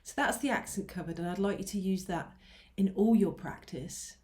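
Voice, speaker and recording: In a very noisy recording over ukulele strumming, a woman with a mid-range voice teaches an online ukulele lesson at normal speed. She patiently explains rhythms and counts beats aloud, and the mic is close by, with her moving nearer to it.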